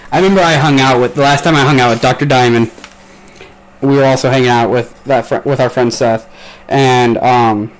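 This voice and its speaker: A man's voice: mid-range voice, clear, resonant tone, rough recording. A young man from the Midwest, hosting a casual podcast chat, rambling along with lots of swearing and laughter. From American Midwest. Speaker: podcast host.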